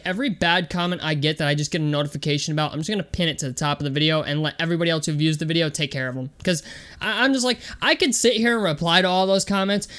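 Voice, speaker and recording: High-voiced chatty young man vlogging. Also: fairly bright tone. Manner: chatty, loose and conversational with many fillers. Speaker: sports vlog host. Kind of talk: casual vlog commentary.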